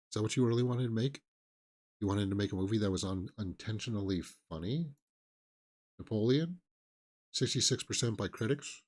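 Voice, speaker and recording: A man's voice: fairly low pitch, lively intonation, normal speed, long pauses. A man hosting a casual movie news stream, rambling and opinionated, with lots of fillers and restarts. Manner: sarcastic, mocking impressions of celebrities. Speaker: movie news show host. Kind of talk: casual live-stream chat.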